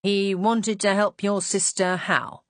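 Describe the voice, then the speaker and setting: A woman voicing a calm, probing police inspector. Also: medium pitch, no room sound, lightly acted. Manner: calm, measured, quietly skeptical. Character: polite, coolly accusatory male police inspector.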